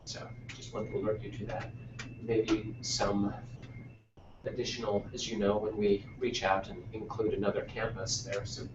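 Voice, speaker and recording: A man's voice: fairly low pitch, level tone, normal speed. A man teaching a Greek class, patiently prompting his students with many small acknowledgements. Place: classroom linked to another campus by video. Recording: roomy, distant, muffled and noisy classroom recording.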